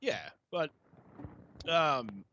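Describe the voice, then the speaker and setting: Blunt man, podcast co-host, swears a lot, bright tone. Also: a little high, big pitch swings, extremely slow, lo-fi sound, slight background noise. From not from the UK. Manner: blunt, swears freely, laughs often. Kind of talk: casual chat.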